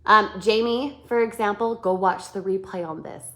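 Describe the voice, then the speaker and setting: With a mid-range voice at normal speed, a woman animatedly coaches her sales team over a live webinar, performing sample messages and often confirming listeners are following. A roomy echo fills the recording.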